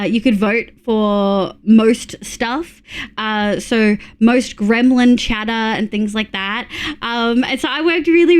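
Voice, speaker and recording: A young adult woman with an Australian accent, a streamer chatting casually and excitably with her viewers, swearing and thanking them. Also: fairly high pitch, clear, resonant tone. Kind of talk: casual live-stream chat.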